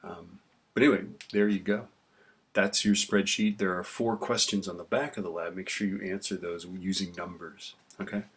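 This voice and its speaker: Typing through a spreadsheet lesson, a male teacher talks casually in a deep, husky voice that's a bit bright, keeping a steady tone and normal speed. He often checks in with "right?" during the screen recording, while keyboard clicks sound behind him.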